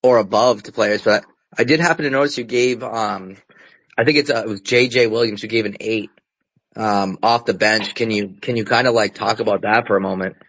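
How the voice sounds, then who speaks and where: A man's voice: on the low side, brisk, fairly bright tone, low-quality recording. A man hosting a casual fan podcast, bantering with callers in a laid-back, joking way. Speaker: podcast host.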